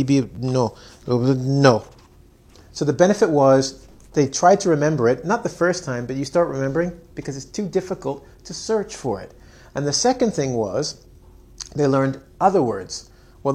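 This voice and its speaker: A man's voice: medium pitch, darkish tone. A man teaching an English lesson, acting out students' lines with big jumps in voice and laughing often. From Canada. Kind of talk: energetic online English lesson.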